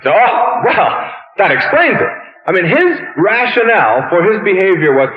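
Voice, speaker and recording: Animated male lecturer, jokey storyteller, wide swooping pitch, phone-thin archive sound. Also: normal speed. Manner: lively, jokey, mimics people in quotes. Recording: tinny lo-fi archive recording.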